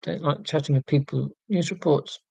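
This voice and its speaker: A man's voice: on the high side, normal speed, vocal fry, dark tone, husky, no echo, highs cut off. A man in his forties chatting casually on a livestream, reading viewer comments and rambling in a wry, self-mocking way with lots of ums and restarts. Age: 40s.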